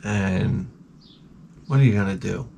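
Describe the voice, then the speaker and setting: A man hosting his vlog, telling a profane comic story in an animated rant full of stammered restarts. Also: on the low side, a little slow, creaky. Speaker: vlogger host.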